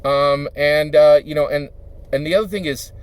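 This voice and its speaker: A man's voice: fairly high pitch, fairly even intonation, moderate pace, smooth. A man from Philadelphia, a YouTuber and dungeon master, talking in a casual monologue that rambles with fillers and asks "right?" again and again. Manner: rambling, with many fillers and repeated tags of "right?".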